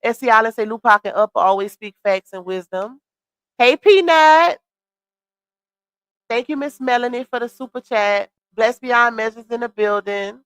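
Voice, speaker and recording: A woman hosting a casual livestream, reacting to gossip and shouting out viewers, her voice a little worn. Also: on the high side, normal speed, clean tone, no echo. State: voice slightly worn. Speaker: livestream host. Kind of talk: casual live-stream chat reading comments.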